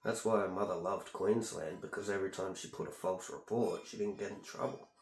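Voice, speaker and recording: Ear candling himself at home, a low-voiced vlogger speaks briskly in a meandering, aggrieved, casual monologue. The recording carries an echoey room sound.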